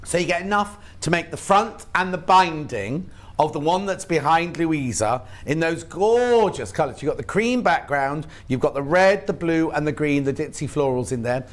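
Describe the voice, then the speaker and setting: Hiccuping as he goes, a British shopping-channel presenter chats eagerly on live TV, rattling off products and tossing in quick asides. He sounds on the high side and expressive.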